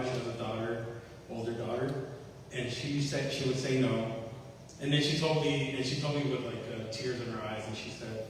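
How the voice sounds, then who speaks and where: A man gives an earnest personal testimony in a church meeting hall, repeating key phrases and acting out remembered conversations. His mid-pitched voice sounds distant from the microphone, with strong echo and a long reverb tail. A faint hiss sits underneath. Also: normal speed, fairly bright tone. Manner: earnest, repeats phrases, acts out quoted dialogue. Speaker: testimony speaker at a faith-based recovery meeting.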